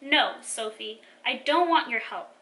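A woman voicing an angry young boy who yells that his toy ship is ruined. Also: fairly high pitch, expressive, unhurried, distant mic. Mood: snappish. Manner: loud, stomping outburst.

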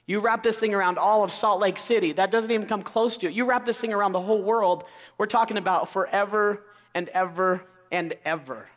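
A man's voice: high-pitched, fairly even intonation, fairly quick, a bit bright. A middle-aged man from Idaho giving an enthusiastic motivational talk, calling out questions to the audience in a large auditorium. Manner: enthusiastic, crowd-engaging, calls out questions to the audience. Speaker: motivational speaker. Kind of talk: energetic keynote talk. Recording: long hall reverb.

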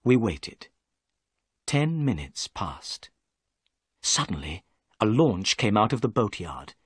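A man reads a story aloud in clear, scripted narration, with his pitch rising and falling in a lively way. The sound is dry and close, with no room behind it. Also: slow pace, no room sound.

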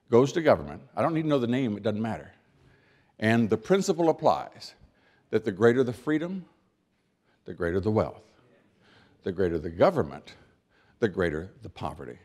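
An American man giving a keynote speech, emphatic, with dry humor, rhetorical questions and deliberate pauses for effect. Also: mid-range voice, a little mellow. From United States. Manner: rhetorical questions and repeated build-ups. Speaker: keynote speaker.

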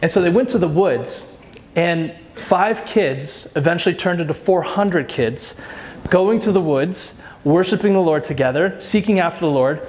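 A man with a fairly high voice talks loosely to a workshop crowd, storytelling with casual fillers. He slips into little acted-out quotes and pokes fun at himself. The tone is a relaxed conference talk, not a formal lecture. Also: moderate pace. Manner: chatty storyteller, acts out quoted voices, frequent "like"; self-deprecating humor. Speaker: youth ministry director speaking at a workshop.

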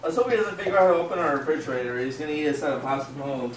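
A man's voice: fairly high pitch, rapid-fire, a little hiss or hum. A man at home who makes dry, joking remarks from across the room. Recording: roomy, off-mic.

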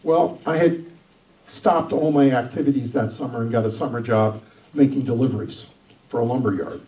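A man, a senior pastor, telling his own story in a sermon, emphatic, swinging between loud and soft. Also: fairly high pitch, echoey room, recorded from a distance, low-quality recording. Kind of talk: sermon testimony.

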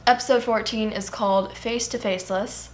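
A young woman hosting a reaction video, chattering excitedly and gasping at what she watches. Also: on the high side, normal speed, slight background noise. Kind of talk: casual reaction commentary.

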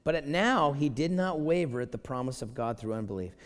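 Animated preaching man in a reverberant hall. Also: medium pitch, fairly quick. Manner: animated, acts out quoted voices and jokes. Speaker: pastor. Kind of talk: sermon. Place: church sanctuary.

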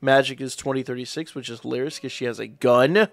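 A man's voice: mid-range voice, steady tone, fast talker, vocal fry, no room sound, soft background music. A man casually reviewing mobile game units, reading out stats and correcting himself as he goes. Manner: chatty, self-correcting, reads stats aloud. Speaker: gaming YouTuber.

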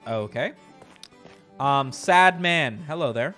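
A man's voice: fairly high pitch, animated, a little fast, bright, forceful tone, faint music behind. A man streaming a game, joking and bragging to his chat as he plays. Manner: jokey boastful banter with chat. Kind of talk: let's play commentary.

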